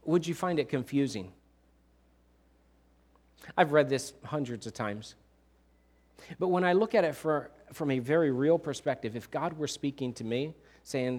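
A man preaching a sermon in a church, casual and animated, pushing up his voice for emphasis. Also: a little high, normal speed. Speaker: pastor.

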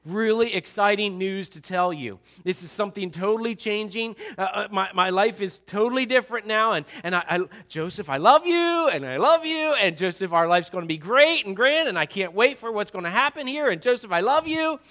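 A male preacher voicing an excited young woman who rambles breathlessly during a sermon. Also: high-pitched, a little fast, few pauses. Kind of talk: sermon role-play.

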